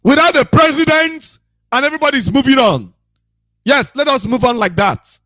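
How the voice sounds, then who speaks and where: A man's voice: very high-pitched, animated, normal speed, pushed and bright, no echo, studio quality. A man, giving a repetitive, emphatic and scolding preaching monologue as a radio broadcaster.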